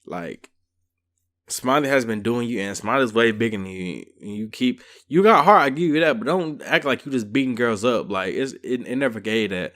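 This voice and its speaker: A man giving a casual, slangy recap and review of a reality show episode. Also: lowish voice. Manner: chatty, slangy, lively storytelling.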